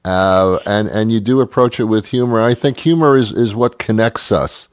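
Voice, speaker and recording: Male radio host, casual interview, relaxed, supportive, lowish voice, dry close mic. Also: normal speed, dry recording. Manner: relaxed, supportive, lots of short affirmations. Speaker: radio talk show host.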